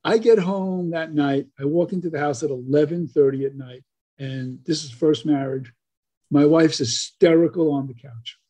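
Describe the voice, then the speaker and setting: An older man spins an animated story as a podcast guest, stumbling through plenty of fillers and restarts. His husky, mellow voice is slightly high-pitched, at normal speed.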